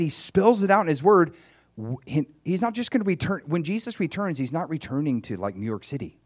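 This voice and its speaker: A man's voice: a little high, brisk, no echo, studio quality. A man giving an informal, conversational sermon as a Bible teacher. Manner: animated, conversational, acts out dialogue.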